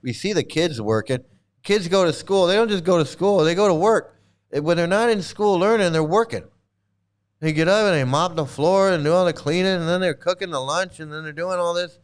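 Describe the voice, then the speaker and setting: A man's voice: sits high, a little fast, clean tone. A man hosting a casual monologue, talking emphatically and sarcastically and repeating his points. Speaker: host.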